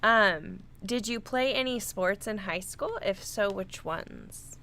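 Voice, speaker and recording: Slow-speaking woman co-host. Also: medium pitch, pushed and bright. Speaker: co-host asking questions. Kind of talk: casual interview questions.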